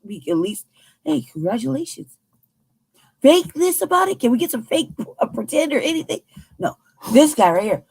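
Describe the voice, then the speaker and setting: Impassioned, profane, husky American woman. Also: a little high, sing-song, fairly quick, mellow, dry recording. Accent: American English. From United States. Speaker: news show host. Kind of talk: heated political commentary.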